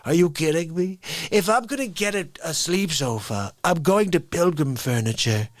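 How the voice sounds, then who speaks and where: A man hosts a live stream and rants in an animated, excitable way, breaking off with laughing asides. His voice sits high. The sound is dry and close. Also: no room sound. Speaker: livestream host. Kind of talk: comedic live-stream rant.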